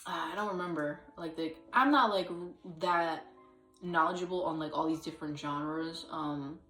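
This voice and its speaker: A woman's voice: low-pitched, normal speed, a bit bright, reverberant, far from the mic, faint music behind. A woman chatting casually to camera, rambling with lots of fillers and hesitant restarts, now and then breaking into sung or acted snippets. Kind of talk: casual solo vlog chat.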